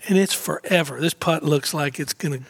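A male guest telling a story in an animated, easygoing way, his voice sitting fairly high for a man. He acts out the quotes and laughs often, and the sound is close and dry with no room echo. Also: brisk, gravelly, husky. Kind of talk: casual storytelling interview.

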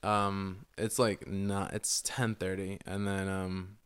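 A man's voice: low-pitched, little pitch movement, slow pace, clean tone. A young man with a groggy morning voice, chatting casually as a podcast co-host and rambling with lots of fillers, restarts and swearing. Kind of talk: casual chat.

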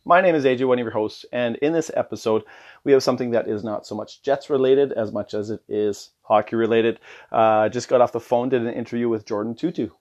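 A man's voice: medium pitch, steady tone, fairly quick, darkish tone, muffled recording. Man hosting a chatty podcast. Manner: chatty, loose and conversational. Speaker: podcast host. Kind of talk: casual podcast intro and interview.

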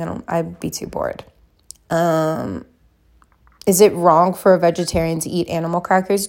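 Casting: twenties woman, low-set voice with gravelly fry, rambling Q&A vlogger. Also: darkish tone. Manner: chatty, rambling, many fillers. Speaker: vlogger answering question prompts. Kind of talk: casual chat.

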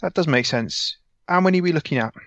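A man's voice: on the high side, expressive, fast, fairly bright tone, dry recording. Cocky laid-back man on a dull mic. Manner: laid-back, cocky, calls people mate. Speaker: player. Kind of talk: in-character tabletop play.

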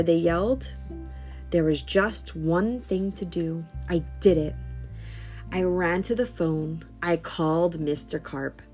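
Slow, expressive woman reading a children's story. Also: on the low side, faint music behind. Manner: slow, expressive, sing-song. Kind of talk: children's story read-aloud.

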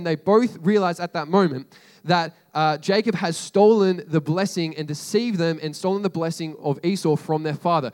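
A man casually retelling a story to a group as a sermon, chatty and slangy, with frequent asides to his listeners. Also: sits high.

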